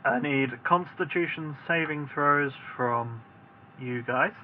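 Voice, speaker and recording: A man narrating a tabletop game as dungeon master, relaxed and hesitant, with many filler sounds. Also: fairly high pitch, takes it slowly, phone-quality sound.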